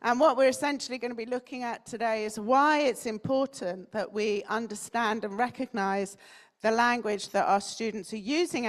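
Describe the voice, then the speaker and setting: British woman, conference speaker, slightly high voice, chatty, quizzes the audience, hall. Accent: standard British English. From North London. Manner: chatty, asks the audience questions. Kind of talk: conference talk.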